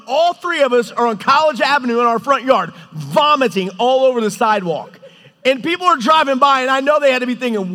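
Animated male preacher with a high voice, in a reverberant hall. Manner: animated, storytelling, acts out God's lines. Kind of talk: sermon.

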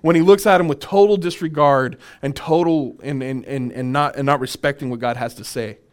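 A man's voice: medium pitch, fairly quick, clear, resonant tone. A man who is a minister, leading a conversational Bible workshop. He chuckles often and repeats his key points.

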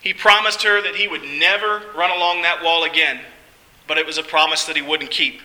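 A man's voice: fairly high pitch, steady tone, a little fast, pushed and bright, rough recording. A man narrating a first-person story in an earnest, heartfelt way.

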